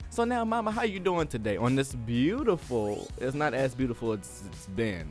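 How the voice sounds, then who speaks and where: A young man hosting a casual podcast chat, animated and playful, hyping up his audience. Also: mid-range voice, moderate pace, faint music behind. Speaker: podcast host.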